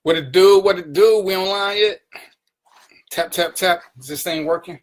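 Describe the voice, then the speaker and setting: A man's voice: high voice, normal speed. A man hosting his own live stream, greeting viewers by name and teasing them in casual, playful banter. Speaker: livestream talk show host.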